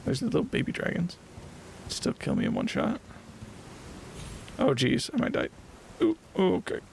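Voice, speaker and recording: A man's voice: sits high, wildly swooping pitch, normal speed, gravelly, a little mellow, slight background noise. A man streaming a game live, chatting casually and playfully while he plays, often laughing and teasing what happens on screen. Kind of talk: casual live gameplay commentary.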